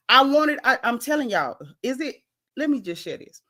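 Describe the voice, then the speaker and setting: A woman recapping a reality show in casual livestream chat. She tells the story with animated swings in her voice, acts out what the cast said, and reads viewer comments aloud. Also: fairly high pitch, normal speed.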